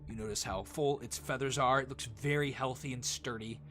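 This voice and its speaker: Casting: male game master, casual halting narration, mid-pitched, music clearly audible behind. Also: fairly bright tone. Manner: halting, filler-heavy narration. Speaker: dungeon master.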